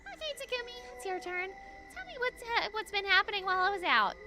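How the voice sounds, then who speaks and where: A morbid, giggly young woman with a teasing, casually macabre streak. Her voice sits very high and swoops playfully up and down. Game music plays clearly underneath. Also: animated, fast, bright, forceful tone, exaggerated voice. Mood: breezy. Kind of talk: video game voice acting.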